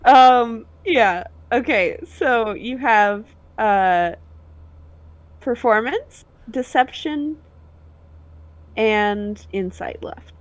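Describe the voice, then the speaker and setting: A woman narrating as game master of a tabletop game, halting with frequent fillers. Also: on the high side, expressive.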